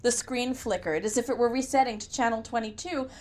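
A woman's voice: a little high, fairly quick. A woman reading a novel aloud in first person, with a wry, conversational storytelling manner. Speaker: audiobook narrator. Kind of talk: first-person audiobook narration.

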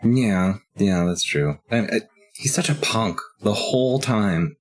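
A man's voice: on the low side, animated, slow pace. A young man co-hosting a casual podcast, making dry, wry asides. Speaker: podcast co-host. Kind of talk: casual chat.

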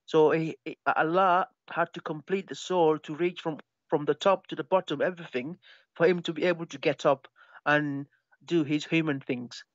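A man's voice: on the high side, fairly even intonation, normal speed, dry recording, dull audio. A man in a heated debate who explains himself defensively, hesitating and restarting often.

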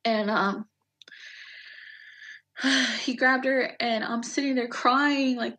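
Halting, emotional woman veteran recounting. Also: fairly high pitch, sharp tone. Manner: halting and emotional, with many fillers and restarts. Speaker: Army veteran guest. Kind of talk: personal storytelling in an interview.

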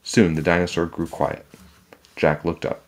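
A man reading a children's chapter book aloud in a calm, measured storytelling manner. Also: sits low.

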